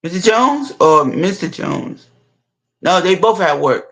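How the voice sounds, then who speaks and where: High-voiced man, rambling casual retelling. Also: expressive, vocal fry, pushed and bright, low-quality recording. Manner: rambling, halting, many restarts and repeats. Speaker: storyteller.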